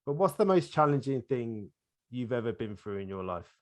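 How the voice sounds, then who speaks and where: A man hosting a podcast interview, soft-spoken with quiet, supportive affirmations. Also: medium pitch, big pitch swings, normal speed, no room sound. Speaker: podcast host.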